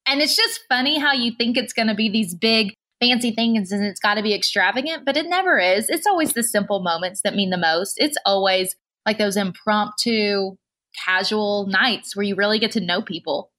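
A woman's voice: medium pitch, normal speed, pushed and bright. Earnest, chatty woman host. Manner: earnest, encouraging, many filler likes. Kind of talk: casual chat.

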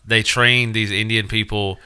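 A man's voice: lowish voice, flat delivery, measured pace, pushed and bright, smooth. A young man co-hosting a podcast, talking bluntly and casually with a lot of swearing. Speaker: podcast co-host. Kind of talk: casual crude banter.

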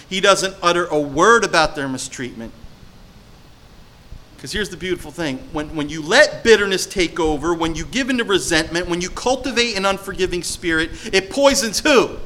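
A man's voice: sits high, lively intonation, normal speed, poor audio. A man preaching a sermon, reading scripture dramatically and asking his listeners questions in a conversational way. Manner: emphatic, dramatic scripture reading with sudden loud and quiet turns; conversational, asks the audience questions.

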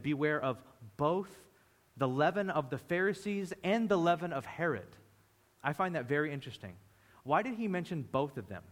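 A man preaching a lively sermon, often acting out the voices of the people in the story. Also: a little high. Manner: animated, acts out voices of disciples. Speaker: pastor. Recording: reverberant hall.

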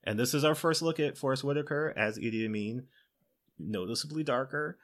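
A man's voice: medium pitch, brisk. A man co-hosting a podcast, casually retelling a film's plot in a loose, conversational way and often breaking into laughter. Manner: laughs often while retelling, acts out quoted lines in his own voice; conversational, loose fillers like "you know" and "like". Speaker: podcast co-host. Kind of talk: casual movie recap.

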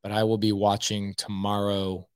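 A man's voice: on the low side, monotone, normal speed, clean tone, dry recording, clean studio sound. A man hosting a live stream, giving blunt, emphatic coaching advice and saying "okay" often. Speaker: host.

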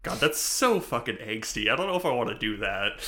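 A man's voice: medium pitch, very animated, fairly quick, bright, forceful tone. A man co-hosting a TV recap podcast, chatting casually with many fillers, laughs and swearing. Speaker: podcast co-host. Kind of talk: casual chat.

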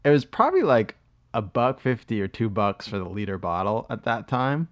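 Mid-man in his forties, lowish voice, loose profane podcast storyteller. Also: big pitch swings, moderate pace. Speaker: podcast co-host. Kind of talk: casual chat.

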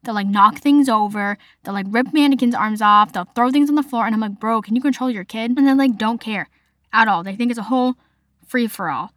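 A woman's voice: a little high, a little fast, no echo. A young woman hosting a podcast, telling stories in a chatty, casual way, full of "like" fillers. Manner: chatty, lots of "like" fillers, animated retelling. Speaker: podcast host. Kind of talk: casual storytelling monologue.

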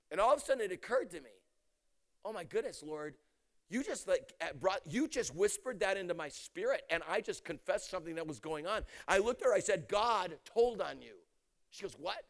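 A middle-aged man preaching a sermon, telling stories with animated swings from loud exclamations to hushed intensity. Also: high voice, fast talker. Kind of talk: sermon storytelling.

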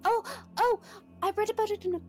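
A woman with a high voice plays a tabletop game and speaks partly in character. She is chatty and giggly, and now and then slips into a put-on accent. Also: fairly even intonation, brisk, faint music behind. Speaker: player.

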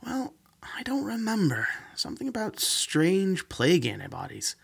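A man's voice: mid-range voice, expressive, brisk, vocal fry, fairly bright tone. A man voicing a scruffy young lab technician who talks vaguely and hesitantly. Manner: vague and hesitant, then defensive.

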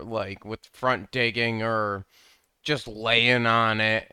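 Man, mid pitch, very crisp resonant voice, bright tone, teasing easygoing co-host. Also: no echo, studio quality. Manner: easygoing, teasing, laughs along. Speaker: podcast co-host. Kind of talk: casual chat.

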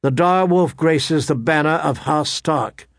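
A man voicing a quiet, solemn young man who is a lord's bastard son, in an audiobook reading. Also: measured pace, dry recording, studio quality, natural voice. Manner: low, hushed, grave. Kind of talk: audiobook character voice.

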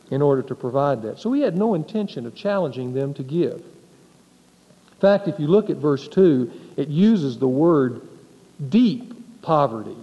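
A man with a high, mellow voice preaches from the pulpit, pressing his points with rhetorical questions. The recording sounds dull and lo-fi, with a long reverb ringing through the sanctuary. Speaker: pastor. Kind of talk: sermon.

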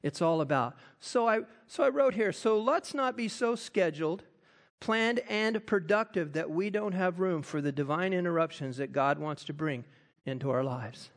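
A man preaching a sermon, animated and acting out quoted voices. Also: a little high. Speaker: pastor.

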